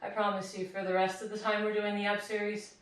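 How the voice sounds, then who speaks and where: A woman's voice: medium pitch, little pitch movement, fast talker. A woman fitness instructor, out of breath, coaching a home workout, counting reps aloud and encouraging the listener. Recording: very echoey room, mic far off.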